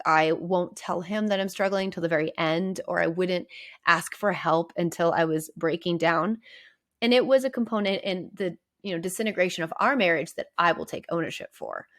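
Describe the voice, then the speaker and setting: A woman therapist talking candidly and conversationally on her podcast, with lots of "like" and "right?". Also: on the low side. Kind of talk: casual podcast monologue.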